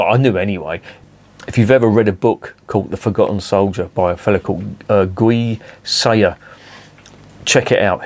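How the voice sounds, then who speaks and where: A man's voice: low-pitched, darkish tone. A man in his fifties reviewing beer in a casual, rambling, sweary chat full of digressions.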